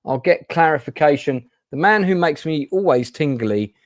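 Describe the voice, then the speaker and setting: A man's voice: fairly high pitch, expressive, normal speed, no echo. A man hosting a casual livestream chat show, talking chattily with many fillers and restarts. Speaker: host.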